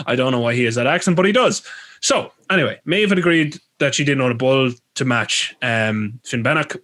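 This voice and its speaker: A man's voice: medium pitch, lively intonation, brisk, bright, forceful tone. A man with an Irish accent hosting a podcast, retelling folklore with rambling, crude jokey asides. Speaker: podcast host. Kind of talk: comedic storytelling chat.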